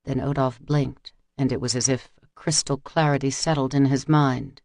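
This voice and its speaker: Gravelly male audiobook narrator. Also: mid-range voice, steady tone, moderate pace, a little mellow, no room sound, clean studio sound. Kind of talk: scripted narration.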